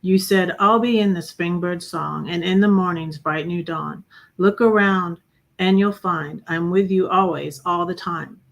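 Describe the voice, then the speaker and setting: A woman hosting a livestream, reading her own poems in a hesitant way with many pauses and fillers. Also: on the low side, creaky. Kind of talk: casual poetry reading on a livestream.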